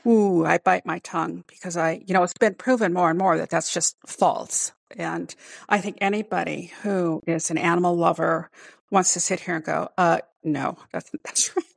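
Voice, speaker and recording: A woman scientist chatting casually, animated and quick to laugh, often restarting her words. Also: on the low side, vocal fry, no room sound. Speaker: scientist guest. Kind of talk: casual conversation. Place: home in Northern Kentucky.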